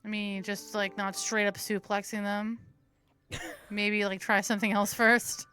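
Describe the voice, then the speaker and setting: A woman's voice: medium pitch, level tone, unhurried, bright, forceful tone, faint music behind. A woman hosting a let's play, reading the game's narration aloud with playful, crude asides. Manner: playful, giggly, crude jokes between narration. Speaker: host.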